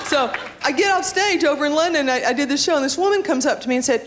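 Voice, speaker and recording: A woman in her thirties doing stand-up comedy, brash and sardonic, with sudden high animated outbursts. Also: fast. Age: 30s. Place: comedy club stage. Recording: live club, audience laughter and noise.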